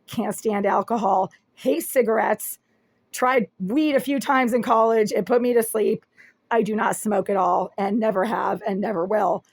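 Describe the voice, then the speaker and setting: A raspy-voiced woman filming a first-person complaint video in a small apartment room on a handheld phone, talking in an aggrieved, detailed and insistent way. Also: medium pitch, fairly even intonation, normal speed, dry recording. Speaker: vlogger.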